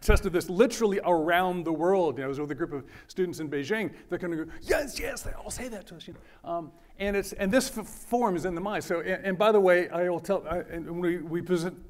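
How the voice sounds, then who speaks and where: A man's voice: high voice, expressive, a little fast. A middle-aged man giving a conversational, jokey lecture, often quizzing his audience. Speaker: university lecturer.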